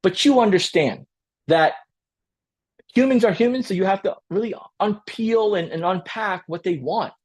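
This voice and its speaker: A man's voice: high voice, a little mellow, slightly rough. A man coaching a live training webinar with lots of energy, repeating his points and often checking in with "right?". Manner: acts out client dialogue in quick role-play.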